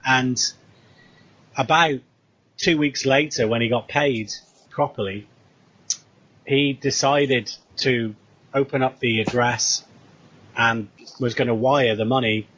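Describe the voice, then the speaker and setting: A man's voice: mid-range voice, slow pace, pauses often, rough recording. A British man casually retelling a story, acting out the dialogue as he goes. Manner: animated retelling with quoted dialogue. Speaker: co-host.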